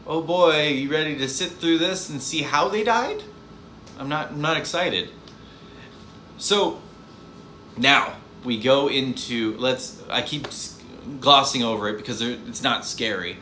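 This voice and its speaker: A man's voice: fairly high pitch, measured pace, pauses often, bright, forceful tone, echoey room, a little hiss or hum. A man giving a casual spoken movie review, exasperated and sarcastic, rambling with restarts as he complains.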